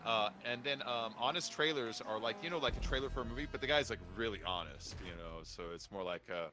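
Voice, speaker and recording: Male streamer host, bright and forceful tone, rambly filler-laden chat. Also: mid-range voice, quick pace, few pauses. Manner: rambling, filler-heavy, lots of "like". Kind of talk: casual gaming stream chat.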